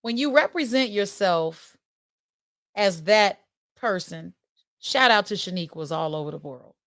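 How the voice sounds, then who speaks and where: A woman's voice: mid-range voice, unhurried, no echo, studio quality. A woman in her forties hosting her live-stream talk show, telling stories candidly and acting out voices as she goes. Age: 40s. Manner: animated, candid storyteller who acts out voices.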